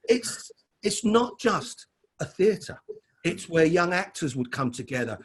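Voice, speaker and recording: His voice is on the high side and breathy, with big pitch swings and a measured pace. He's a middle-aged man from London, a chatty interview guest telling casual stories and calling the host "mate."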